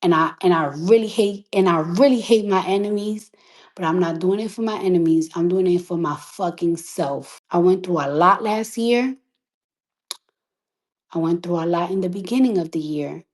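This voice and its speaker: A woman in her thirties speaks with a fairly low voice. She delivers a fierce, emphatic monologue, swearing freely and repeating herself for force. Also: moderate pace, darkish tone, rough recording. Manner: defiant, emphatic, profane. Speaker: rapper. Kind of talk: impassioned monologue.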